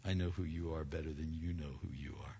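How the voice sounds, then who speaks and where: A man voicing a calm, knowing male teacher who gently corrects a boastful follower. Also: very deep voice, fast, slightly rough, voice pushed down, exaggerated voice. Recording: dull recording with long hall reverb.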